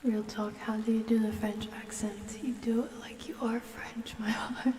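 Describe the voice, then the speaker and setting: A woman streamer hosting a cozy ASMR chat, talking to viewers softly and often in a whisper, unhurried. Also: on the high side, level tone, echoey room, big-room sound, far from the mic, a little hiss or hum.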